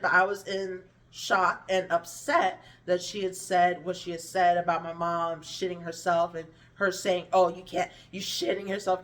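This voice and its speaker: Sitting at a distance from the microphone, a woman speaks to camera in a lowish, slightly bright voice, sharing candid stories. Her hunger makes her speech a bit slurred, she curses frequently, and her wandering thoughts keep trailing off and starting again.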